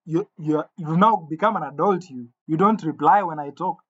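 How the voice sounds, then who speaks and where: A man's voice: on the high side, normal speed, pitched below the performer's own voice, natural voice. A man doing a stern scolding mother. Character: strict angry mother scolding her child. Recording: dull lo-fi recording.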